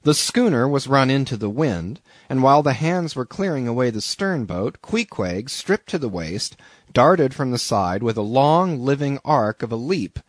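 A man reading a classic novel aloud as an audiobook narrator, in a slow, deliberate, measured way. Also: medium pitch, animated, no echo.

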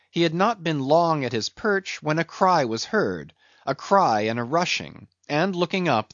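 Male audiobook narrator, measured and expressive, dry close recording. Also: mid-range voice, no echo, lo-fi sound. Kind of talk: reading a classic novel aloud.

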